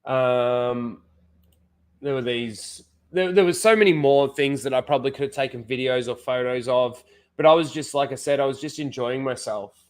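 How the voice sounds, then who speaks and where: Young Australian host, casual profane storyteller, loose and rambling delivery. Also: male voice, medium pitch, moderate pace, darkish tone. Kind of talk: casual chat.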